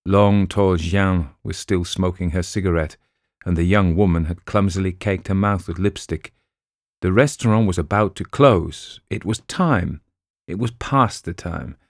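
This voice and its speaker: A man reading a crime novel aloud in a measured way, with the odd filler sound. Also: deep voice, no echo, clean studio sound. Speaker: audiobook narrator.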